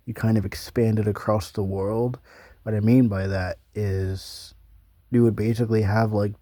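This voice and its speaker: Low, mellow young man rambling casually. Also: no room sound, clean studio sound. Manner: loose and meandering, many ums and casual swearing. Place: small room, flipping through notebook pages.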